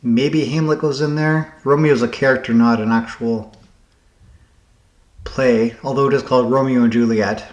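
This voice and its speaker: A man thinking aloud as he solves word puzzles, halting and correcting himself as he goes. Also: medium pitch, fairly even intonation, reverberant. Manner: muttering, halting, self-correcting. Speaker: puzzle game vlogger.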